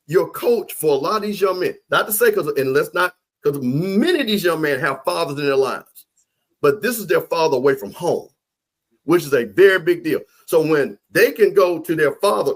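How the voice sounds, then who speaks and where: A man talking sports in an animated, emphatic way, repeating himself and preaching his point. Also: sits high. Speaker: podcast guest, HBCU football commentator.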